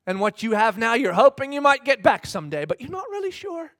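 Very high-voiced, very animated and brisk, the pastor has a fairly bright tone in a clean studio recording with no echo. He preaches with energy, voicing mock characters in little dialogues and asking his listeners questions.

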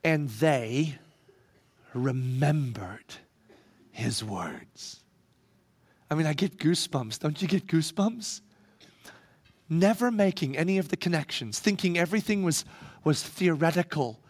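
A male preacher with a high-pitched voice delivering a sermon. He drops to a hush for scripture and rises to loud, dramatic emphasis. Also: lively intonation, moderate pace. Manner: dramatic, swinging from hushed to loud.

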